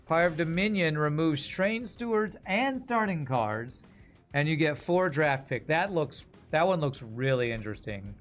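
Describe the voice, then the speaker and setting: A man from Texas chatting casually while streaming a game, thinking aloud and trailing off with fillers. His voice sits fairly high for a man, with faint music underneath. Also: animated, measured pace, fairly bright tone. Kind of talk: casual gameplay commentary.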